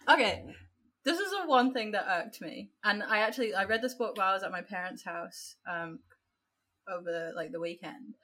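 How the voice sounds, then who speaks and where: A woman's voice: mid-range voice, moderate pace, bright, forceful tone, a little hiss or hum. A woman with an Australian accent, co-hosting a casual book chat podcast and ranting in a chatty way with lots of fillers. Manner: chatty, heavy use of "like", ranting. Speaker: podcast co-host.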